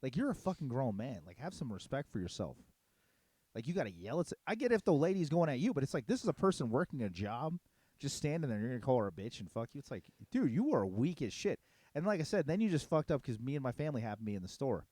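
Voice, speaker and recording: A man's voice: medium pitch, very animated, quick pace, dark tone, breathy edge, no room sound. A middle-aged man telling a heated story in casual, profane podcast chat. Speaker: podcast co-host.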